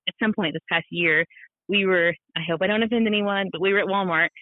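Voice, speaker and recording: A woman in her thirties, a podcast guest and mother, telling a personal story in an animated, self-deprecating way with lots of laughs and fillers. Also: medium pitch, quick pace, no echo. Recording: thin phone-like sound, dry.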